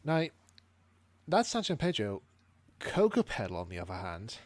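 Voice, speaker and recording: A man hosting a relaxed review chat, full of enthusiasm. His pitch rises and falls a lot as he talks. He laughs often and slips into little impressions. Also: moderate pace, noisy background. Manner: animated, laughs often, acts out lines. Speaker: podcast host reviewing an animated series. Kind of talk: casual chat.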